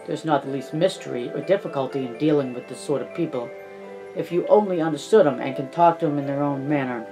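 Reading fast over music in a natural, slightly high voice, a man performs an audiobook role: a smug, self-satisfied alderman. The character chuckles as he patronizes the poor.

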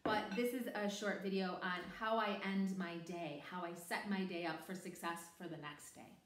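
A woman's voice: medium pitch, moderate pace. A woman and online English teacher, chatting casually in a vlog about her lessons. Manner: chatty, animated, over-enunciates with the student. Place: home teaching room. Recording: roomy echo.

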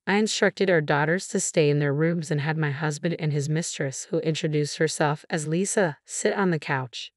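A woman narrates a first-person family drama in a low voice. Her delivery stays steady and even throughout. The recording is close and dry, with no room sound. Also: normal speed, hardly any pauses, dry recording.

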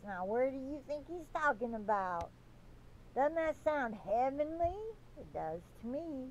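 Lady reading scripture n prophecy real slow, kinda high voice, stops to chat n say sorry. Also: very animated, a little mellow, muffled recording, a little hiss or hum. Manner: deliberate reading broken by chatty asides and apologies. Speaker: Christian devotional reader.

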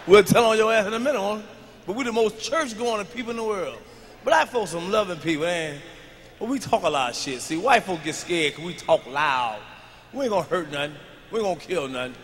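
Brash male stand-up comic, very high, bright and forceful, loud profane delivery on a live stage. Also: lively intonation, fairly quick, in a large hall, a little hiss or hum. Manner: brash, profane, swings between muttering and shouted punchlines. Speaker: stand-up comedian. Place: large live comedy stage.

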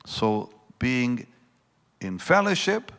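A man preaching a sermon, swinging between loud bursts and hushed lines and acting out the voices in his story. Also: mid-range voice, sing-song, slow pace, vocal fry. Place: large church hall. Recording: long church reverb.

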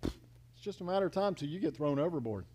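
A man pastor preaching a sermon, swinging between loud emphatic lines and hushed near-whispers as he acts out quotes. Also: fairly high pitch, expressive, very fast.

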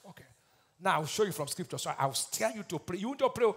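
Fiery preacher in a hall. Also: male voice, sits high, very animated, a little fast, slightly rough. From Nigeria. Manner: preaching with sudden shouted peaks and scripture recitation. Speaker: pastor. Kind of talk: fiery sermon. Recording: long hall reverb.

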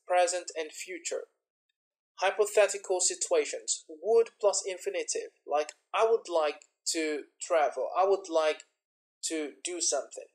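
An IELTS speaking teacher giving a recorded exam-prep lesson over slides, talking slowly and deliberately and running through lists of example words. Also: mid-range voice, poor audio.

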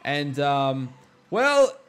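A man narrates his gameplay in a high voice that leaps all over the place. He talks loudly and exclaims constantly, cheering, groaning and yelling at the game as he plays. It is casual let's-play commentary. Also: very animated, very slow, clear, resonant tone. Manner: loud, exclaiming, often shouting and laughing at the game. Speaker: gaming video creator.

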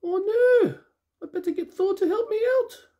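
A man putting on a high squeaky falsetto as a gentle, bumbling male rock creature, recorded on a phone camera. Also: normal speed, dull audio. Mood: whiny dismay. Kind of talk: toy review voice bit.

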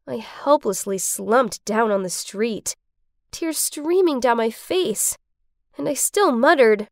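A woman's voice: fairly high pitch, animated, slow, no room sound, studio quality. A young woman narrating a story in the first person, with an emotional telling.

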